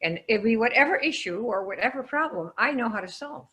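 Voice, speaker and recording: An energetic woman leads a live online coaching class. She quizzes her listeners and calls on them by name, keeping the pace brisk and engaging. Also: a little high. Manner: lively, quizzing the audience. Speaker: sales trainer.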